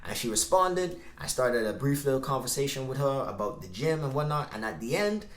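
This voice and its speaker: A man's voice: medium pitch, big pitch swings, fairly quick. A man talking casually to camera as a vlogger giving dating advice, telling stories and acting out both sides of conversations. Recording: roomy echo.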